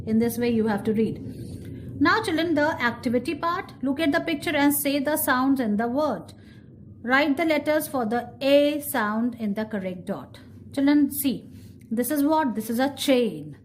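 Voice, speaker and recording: Woman, kindergarten teacher; high, unhurried, patient repetition of letter sounds. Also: animated, a little hiss or hum. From India. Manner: sounds out letters slowly, repeats words, addresses children. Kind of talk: slow, sing-song phonics lesson for young children.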